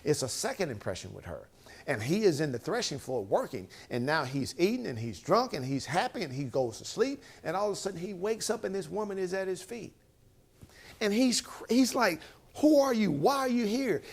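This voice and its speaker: A man's voice: high-pitched, fairly quick, gravelly. A man giving a motivational, sermon-style talk, retelling a Bible story and acting out the quotes with emphatic bursts. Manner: animated, acts out quotes, rising to emphatic bursts; Bible storytelling with conversational asides. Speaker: speaker.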